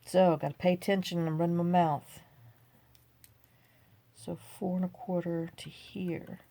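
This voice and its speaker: A woman's voice: fairly low pitch, flat delivery, a little slow, creaky, dark tone, slight background noise. An older woman hosting a chatty crafting tutorial, rambling and talking to herself as she works at a home craft table. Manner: rambling, chatty, talks to herself while working.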